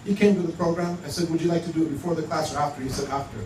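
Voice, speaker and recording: A man's voice: fairly high pitch, steady tone, very fast, a little mellow. A man giving a conversational talk to a community audience, telling stories and acting out dialogue. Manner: conversational, acts out dialogue in quoted exchanges. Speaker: Muslim speaker. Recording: roomy hall, mic at a distance, faint hum.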